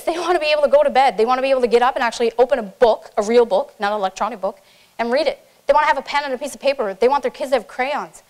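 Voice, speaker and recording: A woman, a military officer, giving an earnest, impassioned speech to a conference audience and repeating phrases for emphasis. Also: sits high.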